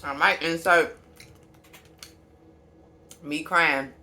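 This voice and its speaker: A woman who runs a small business, chatting candidly to camera while eating, with long pauses and fillers. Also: low voice, fairly even intonation, pushed and bright. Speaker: small business owner and vlogger. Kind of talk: casual mukbang chat to camera.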